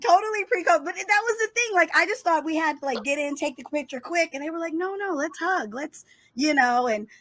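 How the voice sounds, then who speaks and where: Podcast host, woman, middle-aged, high voice, dry close sound, bubbly storyteller. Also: fast, hardly any pauses, no room sound. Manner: excitable, animated storyteller. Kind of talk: casual chat.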